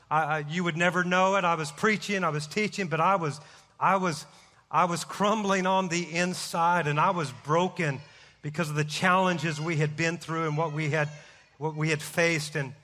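A middle-aged man, a pastor, preaching a sermon with impassioned, rising shouts. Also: high voice. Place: church sanctuary. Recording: long hall reverb.

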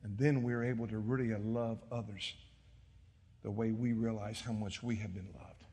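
Husky-voiced pastor preaching in a hall. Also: male voice, lowish voice, flat delivery, moderate pace. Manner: storytelling preacher, swings from hushed to shouting. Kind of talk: sermon. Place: church sanctuary.

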